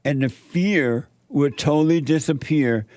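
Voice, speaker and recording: A man's voice: on the high side, a little slow, darkish tone, no room sound. A middle-aged man hosting a call-in show, giving firm spiritual advice in short repeated commands. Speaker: radio call-in host giving life advice.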